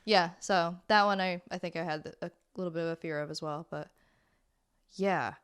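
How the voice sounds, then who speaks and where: A young woman co-hosting a podcast, telling stories in a chatty, animated way with lots of fillers. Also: lowish voice, moderate pace, clear, resonant tone. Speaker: podcast co-host. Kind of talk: casual chat.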